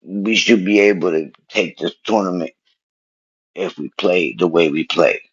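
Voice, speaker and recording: A man casually telling a personal story in street slang, animated and repeating himself as he goes. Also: low-pitched, unhurried, slightly rough, highs cut off.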